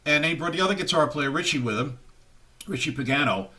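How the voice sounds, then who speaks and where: A man in his sixties, a guest musician being interviewed, speaks fast in a highish, animated, pushed and bright voice. He rambles through long anecdotes, acting out the voices of the people he quotes.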